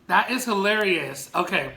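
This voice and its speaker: Bright-voiced, chatty woman vlogger. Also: medium pitch, animated, normal speed, vocal fry. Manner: laughs easily, chatty and joking. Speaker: mukbang vlogger. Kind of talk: casual chat while eating.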